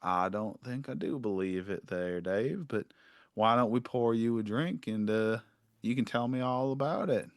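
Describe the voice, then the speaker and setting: A man voicing an older, wry female tavern keeper in a low, unbothered, dry way. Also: a little slow, no echo, close to an everyday voice.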